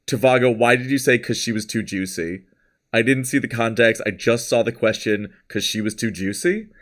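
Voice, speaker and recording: A man's voice: mid-range voice, normal speed, a bit bright. A man hosting a live stream, chatting casually and rambling, laughing often and thanking viewers from chat. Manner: reads out chat names and thanks followers. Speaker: livestream host.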